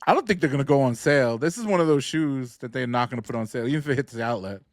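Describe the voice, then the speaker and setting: A man co-hosting a podcast, chatting in a laid-back way, laughing often and trailing off quietly. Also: medium pitch, animated, rapid-fire, no echo, studio quality. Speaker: podcast co-host. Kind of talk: casual chat.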